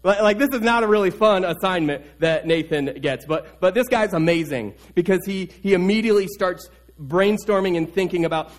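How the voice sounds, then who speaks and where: Casting: lively male preacher, slightly high voice, storytelling sermon style with repetitions. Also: fairly quick. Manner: animated storytelling, repeats key words. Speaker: pastor.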